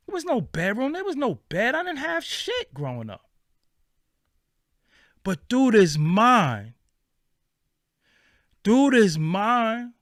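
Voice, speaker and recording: Brief: middle-aged male vlogger, heated and emphatic, a bit high-pitched, dry close sound. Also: no room sound. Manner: heated, profane and emphatic, repeating phrases for stress. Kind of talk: impassioned rant to viewers.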